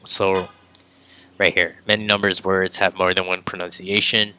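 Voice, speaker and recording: Low, flat-voiced man teaching casually. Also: moderate pace, clean tone. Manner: relaxed, filler-heavy, addresses viewers as guys. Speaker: language teacher. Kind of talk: casual explanatory lesson.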